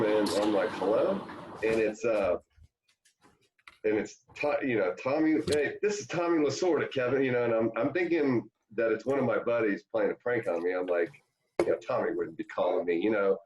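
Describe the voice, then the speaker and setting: A man's voice: fairly low pitch, a little mellow, a little hiss or hum. A man, a former pro ballplayer, telling rambling anecdotes full of fillers in a casual interview. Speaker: former pro baseball player, guest. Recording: dull lo-fi sound.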